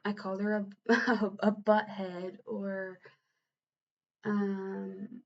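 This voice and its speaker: A young woman talking earnestly in a personal confessional vlog. She speaks haltingly and often restarts her sentences. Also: mid-range voice, little pitch movement. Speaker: vlogger and new mother. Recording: slightly dull lo-fi recording.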